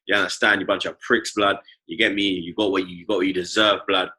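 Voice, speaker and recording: A man's voice: low-pitched, flat delivery, fast talker, bright, forceful tone, poor audio. A young man with a London accent hosting a casual football podcast, full of slang banter and tags like "you understand". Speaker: podcast host.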